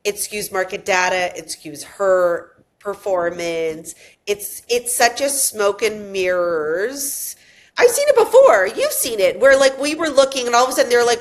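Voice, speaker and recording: A woman hosting a casual podcast chat, telling animated stories and wandering into tangents. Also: a little high, normal speed. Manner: animated storyteller, goes off on tangents, acts out quotes. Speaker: realtor and podcast host.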